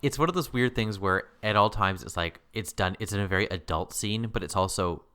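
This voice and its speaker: A man co-hosting a podcast in casual chat, animated and laughing often, jumping high when he quotes himself. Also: a little fast, clean tone. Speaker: podcast co-host.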